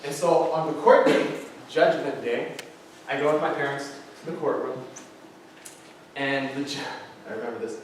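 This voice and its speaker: A man in his thirties, a motivational speaker, tells a personal story to high school students in an earnest way. He uses dramatic pauses, and his voice often sinks low and quiet. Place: large school hall. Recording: echoey hall, distant mic, faint hiss.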